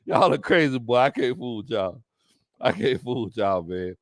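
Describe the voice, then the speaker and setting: A man's voice: medium pitch, lively intonation, normal speed, no room sound, clean studio sound. A man hosting a live sports chat, reading viewer comments, teasing his audience and laughing often. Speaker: sports talk host.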